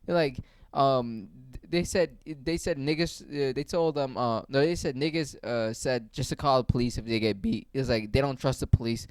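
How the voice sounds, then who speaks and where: A man's voice: on the high side, animated, moderate pace, no echo. A young man giving ranting commentary, profane and heated, firing off rhetorical questions. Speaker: online commentator.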